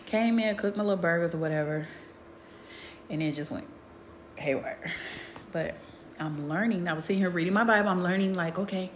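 A low-pitched woman talks through a storytime, casual and emphatic, often ending her points with "period". She drops to near-hushed asides and then jumps to loud bursts. A faint hum of room noise sits behind her. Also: a little fast, long pauses.

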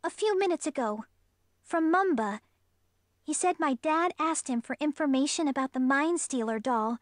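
Lady putting on a scared teen girl, breathless and pleading, way higher up. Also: expressive, moderate pace, no echo, studio quality. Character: frightened breathless teenage girl.

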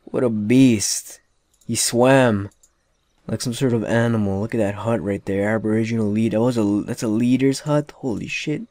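A young man giving casual, excitable gameplay commentary, swearing often and talking to the characters on screen. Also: lowish voice, normal speed, dry recording. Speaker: let's play gamer.

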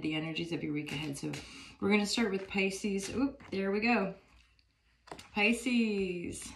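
A woman talking casually to camera into her phone as she gives a tarot reading, chatty and upbeat, with many fillers. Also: fairly low pitch. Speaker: tarot reader.

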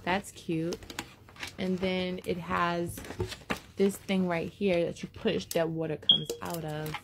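A woman's voice: fairly low pitch, little pitch movement, slow, noisy background. A woman vlogger chatting casually and rambling to her viewers as she unboxes something, a little out of breath.

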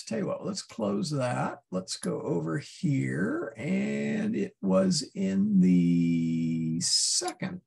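A man teaching a Latin class, explaining step by step and thinking aloud with many pauses and fillers. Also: high-pitched, gravelly, a little mellow, husky. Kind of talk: classroom lesson.

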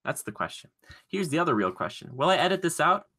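A man's voice: fairly high pitch, sing-song, sharp tone, husky. A young man co-hosting a podcast in casual chat, joking and acting out little voices. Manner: joking, quick to laugh and act out voices. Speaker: podcast co-host.

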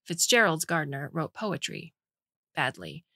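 A woman narrating a science fiction short story in an even, clear storytelling manner. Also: low voice, a little slow, no room sound, studio quality.

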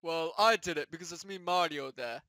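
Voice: mid-range voice, normal speed, sharp tone, no echo. Someone doing a cocky, mocking Mario. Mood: teasing. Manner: mocking, gloating taunts. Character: cocky male plush plumber who teases his friend. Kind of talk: comedic plush puppet gaming skit.

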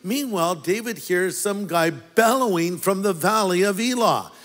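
High-voiced pastor preaching in a reverberant hall. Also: male voice, expressive, normal speed, fairly bright tone, soft background music. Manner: storytelling preacher, playful asides to the congregation. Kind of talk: sermon.

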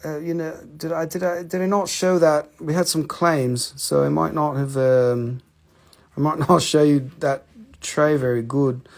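A man's voice: on the high side, steady tone, a little slow, vocal fry. A man hosting a live-stream rock and mineral sale, talking casually into a handheld phone, joking, teasing viewers and swearing freely.

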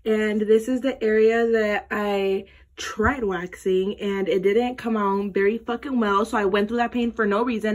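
A woman's voice: medium pitch, fairly even intonation, normal speed. A young woman vlogging casually at home, swearing freely and talking dramatically. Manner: profane, dramatic, scared chatter. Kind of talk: casual vlog.

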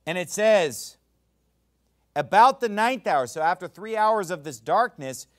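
Man, preacher, sermon, high voice, very lively pitch, emphatic. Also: measured pace. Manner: animated, shouts out acted quotes, emphatic. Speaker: Baptist preacher.

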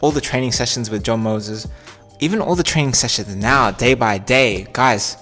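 A man hosting a football training vlog, talking to camera with animated energy that builds as he gets worked up. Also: mid-range voice, moderate pace, faint music behind. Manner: animated, builds up intensity when pumped. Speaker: football channel host.

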